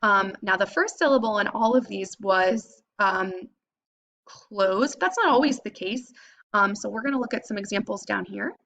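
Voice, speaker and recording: A woman teacher giving a phonics lesson to young students, patiently sounding out syllables slowly and clearly. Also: mid-range voice, a bit bright.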